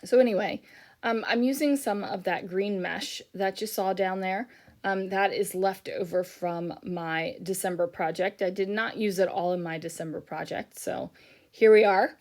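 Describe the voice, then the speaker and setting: A woman's voice: medium pitch, fairly even intonation, normal speed, a little mellow. A middle-aged woman chatting casually in a voiceover for her scrapbooking video, tired and rambling, with frequent fillers and yawns. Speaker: scrapbooking YouTuber.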